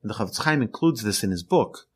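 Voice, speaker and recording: A man's voice: fairly low pitch, lively intonation, quick pace, breathy edge. A man, a rabbi, teaching an earnest podcast lesson and telling stories with emphasis.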